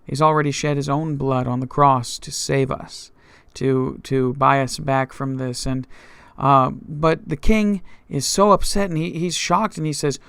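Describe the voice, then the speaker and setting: Male pastor, Bible study storyteller, gravelly fry, dry close sound. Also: on the high side, fairly even intonation, moderate pace, fairly bright tone, no room sound. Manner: storytelling, retelling scripture in his own words; frequent restarts and fillers.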